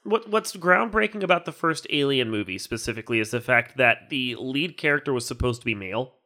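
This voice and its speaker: A man co-hosting a casual podcast chat, explaining his views quickly with jokey asides. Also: mid-range voice, expressive, pushed and bright. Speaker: podcast co-host.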